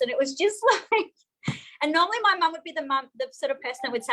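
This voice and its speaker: Bright, open woman in her forties. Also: high-pitched, fast talker, low-quality recording. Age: 40s. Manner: open, emotional personal storytelling. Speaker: guest, therapist. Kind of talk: live interview.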